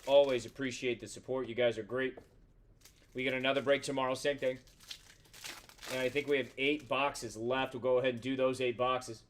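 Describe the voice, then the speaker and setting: A man's voice: medium pitch, slight background noise. A man hosting a live trading card box break, chatting casually with viewers, swearing freely and rattling off player names and teams as he opens packs. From Central Florida.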